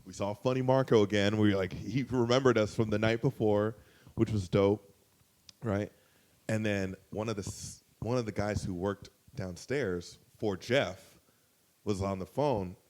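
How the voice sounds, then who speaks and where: A young man telling a story on a comedy podcast, casual and profane, lively, with loud outbursts when he quotes people. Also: lowish voice, measured pace. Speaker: guest storyteller.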